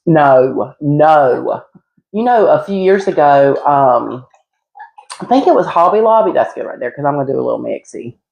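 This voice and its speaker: A woman's voice: sits low, moderate pace, gravelly, dull audio. Chatty woman co-host. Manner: chatty, animated storyteller. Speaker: podcast co-host. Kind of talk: casual chat.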